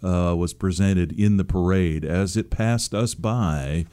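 Older male talk radio host, deep mellow voice, unhurried, pauses with "uh.". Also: clean tone. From Seattle area, USA. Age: 60s. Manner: halting, many uh fillers. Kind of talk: casual radio interview.

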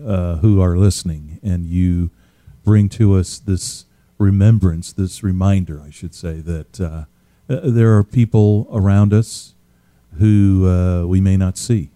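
A man hosting a radio show, speaking in a measured, halting way with many pauses. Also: low voice, fairly even intonation, mellow, no echo. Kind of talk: reflective radio talk.

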